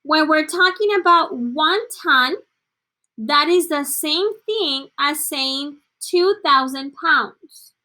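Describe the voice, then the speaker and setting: Slow, bright-voiced woman teaching a class. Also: high-pitched. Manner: encouraging, praising students by name; slips between English and Spanish. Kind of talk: online class lesson.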